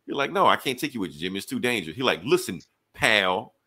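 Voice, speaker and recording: A young man co-hosts a podcast and breezes through a comic plot, dropping into quick quoted dialogue for each character. His voice sits a little low but sounds bright and forceful. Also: breathy edge. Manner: animated storytelling, casual profanity, quick quoted dialogue. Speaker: podcast co-host reviewing comics. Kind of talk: casual chat, retelling a comic plot.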